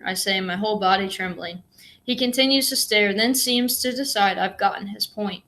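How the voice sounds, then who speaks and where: A woman narrates a novel in first person with a steady, plain delivery. Her voice sits at an ordinary middle pitch. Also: normal speed. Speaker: audiobook reader.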